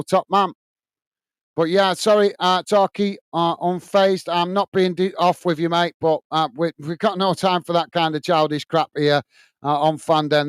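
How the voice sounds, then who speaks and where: In a dry recording, a British man with a smooth voice on the high side hosts a live football watch-along. He covers the play, chats with viewers, calls them mate often, and leans on lots of fillers.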